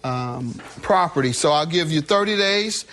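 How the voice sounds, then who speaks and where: Firm high-voiced male judge. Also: lively intonation, fairly bright tone. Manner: brisk, firm questioning. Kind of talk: courtroom ruling.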